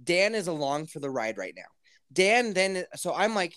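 A man's voice: high-pitched, big pitch swings, fairly quick. A man hosting a podcast, telling a crude story in a casual, laughing way and acting out other people's lines. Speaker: podcast host.

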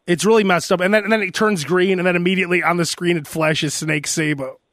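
A man's voice: sits high, steady tone, fast, a bit bright, no echo, clean studio sound. A man hosting a podcast, chatting casually and acting out phone calls as he tells stories. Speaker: podcast host. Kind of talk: casual chat.

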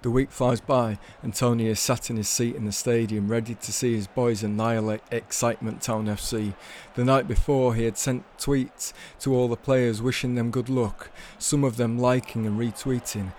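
Man, deadpan, measured comic storytelling. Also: mid-range voice, slight background noise. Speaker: storyteller guest.

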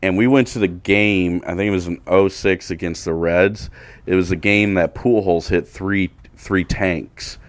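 Deep-voiced man telling rowdy stories. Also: measured pace, no echo. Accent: St. Louis. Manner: animated storytelling, shouting out impressions and laughing. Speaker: comedian guest. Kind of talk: casual podcast chat.

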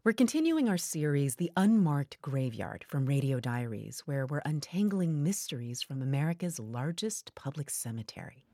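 Low, mellow-voiced woman news anchor. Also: big pitch swings, normal speed, few pauses, no echo, clean studio sound. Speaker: news host.

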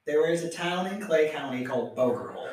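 A man, co-hosting a casual podcast with dry, deadpan quips. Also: on the high side, quick pace. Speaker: podcast co-host. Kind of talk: casual chat. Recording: very echoey, far from mic.

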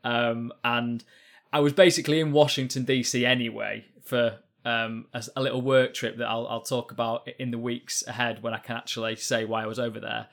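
A male journalist talks casually on a podcast, speaking at a middle pitch. He keeps hedging and stumbling, filling his story with ums and sort-ofs. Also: level tone, fairly quick, creaky. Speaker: journalist guest.

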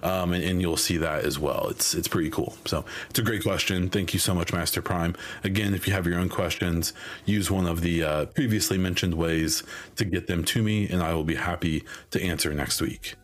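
A man's voice: deep voice, fairly even intonation, moderate pace. A man hosting a solo podcast in a casual, rambling way, full of ums and restarts, his voice starting to go. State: losing his voice. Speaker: podcast host.

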